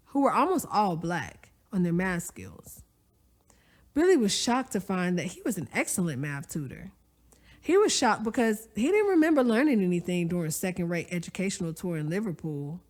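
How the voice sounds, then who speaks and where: A woman narrating a story aloud, expressive and conversational, with folksy asides to the listener. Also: on the low side, moderate pace. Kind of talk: audiobook-style story narration.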